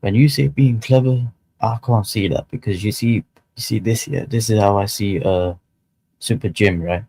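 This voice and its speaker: A man's voice: on the low side, normal speed, gravelly, dark tone, husky, no echo, low-quality recording. A man co-hosting a stream, telling stories in casual chat and repeating his words.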